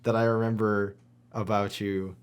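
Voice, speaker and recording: A man hosting a podcast in casual interview chat, unhurried, laughing along with his guest. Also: on the low side, little pitch movement, smooth. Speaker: podcast host.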